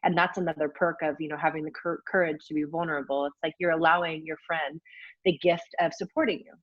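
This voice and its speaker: A woman's voice: low-pitched, steady tone, quick pace, no room sound. A woman in her forties, an athlete guest in a casual interview, talking candidly and enthusiastically with lots of fillers. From United States. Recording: dull, dry lo-fi call audio.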